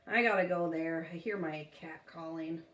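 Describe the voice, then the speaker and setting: A woman's voice: low voice, fairly even intonation, moderate pace, highs cut off, background noise. A woman reading a children's novel aloud for a school, breaking off for chatty, self-deprecating asides. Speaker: storytime reader for a school. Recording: echoey room, far from the mic.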